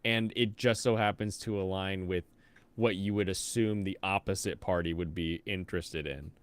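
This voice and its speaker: A man's voice: deep voice, steady tone, normal speed, clean tone. A man hosting a casual reaction stream, sarcastic, laughing often and going off on rants. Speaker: stream host.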